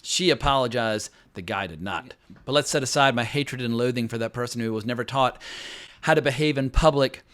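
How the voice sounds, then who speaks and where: A man's voice: mid-range voice, brisk, fairly bright tone. A man giving a casual spoken film review, candid and chatty, with frequent fillers and restarts.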